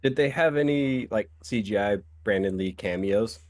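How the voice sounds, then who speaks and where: A man with a lowish voice on a podcast, dropping brief dry remarks and questions. The sound is close and dry, with no room echo. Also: moderate pace. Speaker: podcast co-host. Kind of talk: casual chat.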